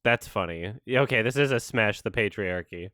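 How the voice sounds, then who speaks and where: A man's voice: fairly low pitch, normal speed, pushed and bright, clean tone, no room sound, clean studio sound. A man hosting a casual watch-along, commenting sarcastically and mocking what he sees on screen. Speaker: host.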